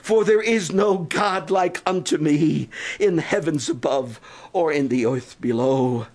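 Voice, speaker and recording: A man preaching a sermon who swells into shouted, drawn-out proclamations and then sinks to a hushed appeal. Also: a little high.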